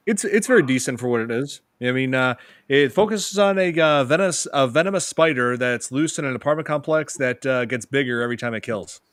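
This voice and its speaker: A man's voice: medium pitch, fairly quick, dry recording. Laid-back man chatting horror films. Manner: relaxed, many fillers and restarts. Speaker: podcast host. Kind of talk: casual group chat about horror films.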